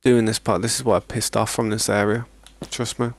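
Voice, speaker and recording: A man's voice: fairly low pitch, flat delivery, a little fast. A man, chatting casually and rambling in a laid-back, slangy way as a gaming streamer. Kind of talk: casual gameplay chat.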